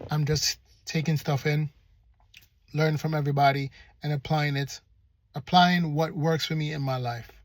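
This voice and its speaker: A man's voice: fairly high pitch, steady tone, moderate pace, no echo. A man giving a motivational relationship vlog monologue, assertive, firm and passionate, with lots of repeated rhetorical questions. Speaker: relationship vlogger.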